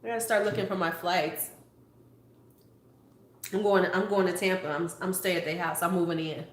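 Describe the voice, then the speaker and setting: A woman's voice: lowish voice, fairly even intonation, moderate pace. A woman beauty vlogger in a casual live-stream chat, playful and talking straight to her viewers. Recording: roomy echo.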